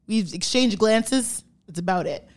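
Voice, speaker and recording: A woman's voice: mid-range voice, animated, unhurried. A woman co-hosting a podcast, telling stories in casual chat, acting out quotes and swearing freely. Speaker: podcast co-host.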